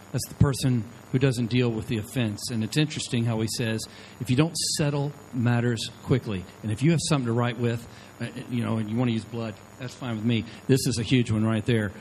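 A middle-aged pastor with a medium-pitched voice tells stories conversationally during a sermon, often checking in with "okay?". The low-quality recording has slight background noise.

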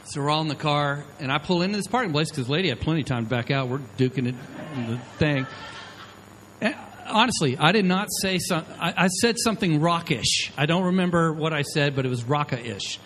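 A man's voice: on the high side, lively intonation, a little fast, fairly bright tone, rough recording. A middle-aged man delivers a sermon as a pastor, talking in a loose, storytelling way. He keeps asking the listeners "okay?" as he goes. There is a faint hiss of noise behind him. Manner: conversational storytelling, frequent "okay?" check-ins.

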